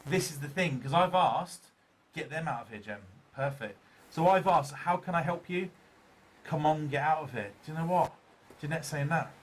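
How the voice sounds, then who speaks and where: A man's voice: fairly high pitch, normal speed, husky. A man hosting a live paranormal show, chatting casually and reading out viewer comments, often repeating phrases and laughing easily.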